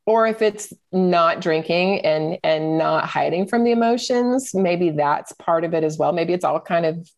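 A woman's voice: lowish voice, measured pace, hardly any pauses. A middle-aged woman talking as a podcast guest, candid and reflective, often searching for her words. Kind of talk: personal storytelling in conversation.

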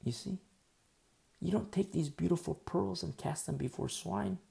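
A man preaching a sermon, telling stories in a conversational and emphatic way. His voice is strongly gravelly, with a warm, dark tone. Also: sits high, moderate pace.

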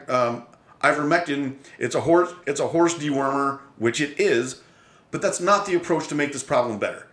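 Male podcast host, mid-pitched, blunt and exasperated, swears freely, roomy echo. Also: a bit bright. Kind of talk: opinionated solo commentary.

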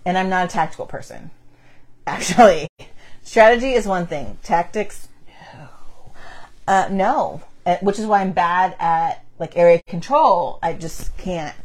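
A woman's voice: fairly low pitch, darkish tone. A woman co-hosting a board game chat, talking casually and putting herself down with frequent laughs. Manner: chatty, self-deprecating, laughs often. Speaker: board game podcast co-host. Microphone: on camera, table mic.

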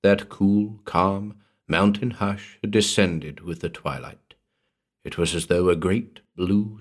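A male podcast narrator reading a vintage weird tale with a measured, dramatic delivery. His voice sits low and moves at an unhurried pace. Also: breathy edge. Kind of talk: scripted horror story narration.

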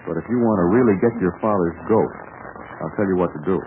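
An actor playing a smooth, flattering young adventurer in a 1940s radio drama. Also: male voice, low-pitched, fast, natural voice. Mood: coaxing. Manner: coaxing, flattering. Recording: tinny scratchy 1940s radio broadcast.

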